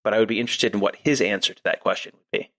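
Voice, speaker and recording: Male podcast co-host, lowish voice, measured analyst who thinks out loud. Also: vocal fry. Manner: measured, thinks aloud with frequent restarts. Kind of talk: casual analytical sports talk.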